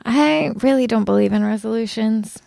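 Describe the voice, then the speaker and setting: A woman's voice: fairly high pitch, moderate pace, gravelly, warm tone. A woman chatting casually on a podcast with a dry, teasing manner. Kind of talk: casual chat.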